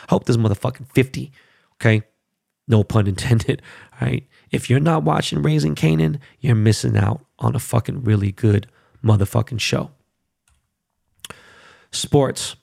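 Gravelly, profane male podcast host. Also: medium pitch, dry recording, studio quality. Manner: profane, rambling, gets loud and worked up. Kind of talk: casual chat.

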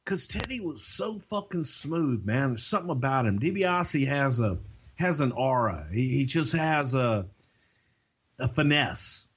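An older man, co-hosting a podcast and telling a profane, lively backstage story. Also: mid-range voice, unhurried, slightly rough, lo-fi sound. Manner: profane, animated anecdote telling. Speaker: podcast co-host. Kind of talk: casual storytelling.

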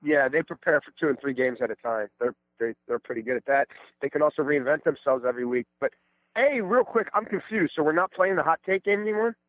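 A man giving casual sports podcast banter as a football analyst, teasing and quick to jump in. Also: a little high, expressive, no echo. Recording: tinny phone-like line.

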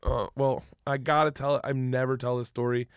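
A man's voice: medium pitch, brisk, clean tone, dry recording, studio quality. A man from Florida telling a long story in casual chat, swearing freely and laughing through his words with frequent restarts. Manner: profane, laughing, animated with many restarts.

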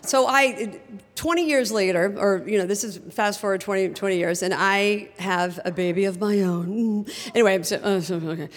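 A woman telling a personal story on stage in an animated, humorous way, often laughing as she talks. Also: mid-range voice, normal speed. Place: theater stage before a live audience. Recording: long theater reverb.

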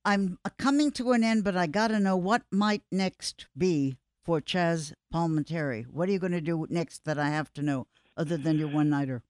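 A woman's voice: fairly low pitch, normal speed, few pauses, a little mellow, no room sound, studio quality. A woman hosting an interview, blunt and teasing in how she asks. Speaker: interview host. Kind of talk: casual interview.

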